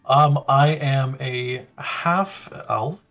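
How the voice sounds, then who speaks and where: A man's voice: mid-range voice, extremely slow, a bit bright, dull audio, soft background music. A man playing in a tabletop game, chatting casually in a dry, playful way. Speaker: player. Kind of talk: casual chat.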